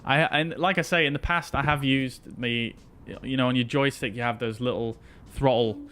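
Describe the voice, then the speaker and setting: A man streams a flight simulator, chatting casually with his viewers while he flies, in the style of relaxed live-stream commentary. His voice is medium-pitched and fairly bright, with fairly even intonation and a moderate pace.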